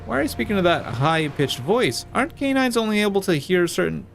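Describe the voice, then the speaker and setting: A man's voice: sits high, very animated, brisk, creaky, fairly bright tone, faint music behind, pitched above the performer's own voice, exaggerated voice. Prim, literal male automaton read by a man, game dialogue, matter-of-fact.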